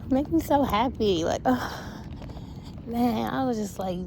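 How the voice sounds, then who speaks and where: A woman chatting casually on a walk outdoors, reacting to an interview with animated, blunt talk, laughter and swearing. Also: a little high, slow, pauses often, noisy background. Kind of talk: casual chat.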